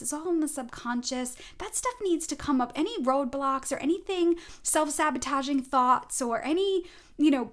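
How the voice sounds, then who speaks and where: Middle-aged lady spiritual advisor, bit high voice, earnest chatty storytelling, keeps asking right?. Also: fairly bright tone. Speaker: spiritual advisor giving a tarot reading. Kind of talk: casual spiritual talk to viewers.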